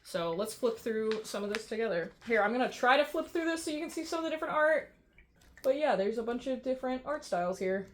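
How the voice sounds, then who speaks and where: A woman's voice: a little high, expressive, fast. A woman vlogging in a casual rant, frustrated and blunt, swearing freely and often restarting her sentences. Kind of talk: casual ranting vlog.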